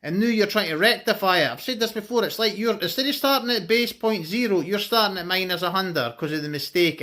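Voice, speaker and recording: A man's voice: a little high, pushed and bright. A Scottish man chatting bluntly in a casual vlog about training his dog, swearing freely. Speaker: dog owner and trainer vlogger. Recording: background music under voice. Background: music.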